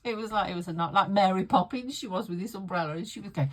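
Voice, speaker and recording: A woman's voice: mid-range voice, quick pace, few pauses, rough recording. A middle-aged woman chatting casually in her home art studio, rambling and laughing often as she talks. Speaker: art vlogger. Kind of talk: casual chat.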